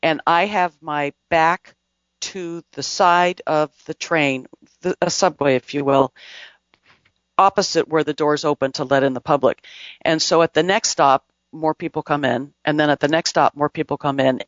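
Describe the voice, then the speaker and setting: A man's voice: on the high side, fairly even intonation, moderate pace, fairly bright tone, no room sound. A man hosting a casual talk show, rambling conversationally through travel stories and news items with restarts and asides. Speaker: podcast host. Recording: dull, dry lo-fi recording.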